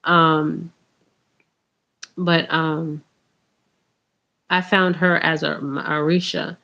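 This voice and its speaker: Woman, low and gravelly voice, slow, rambling vlog talk, lots of ums and okays. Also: little pitch movement, sharp tone, muffled recording. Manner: addresses viewers as you guys. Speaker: spiritual vlogger. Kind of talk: casual spiritual talk to camera.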